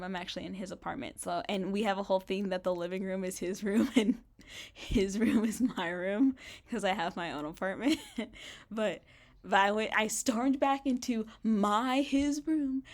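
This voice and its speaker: A woman's voice: medium pitch, moderate pace. Chatty young woman rambling at home. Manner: chatty, frequent "like" fillers, laughs often. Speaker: vlogger. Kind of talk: casual rambling vlog. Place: bedroom in an apartment.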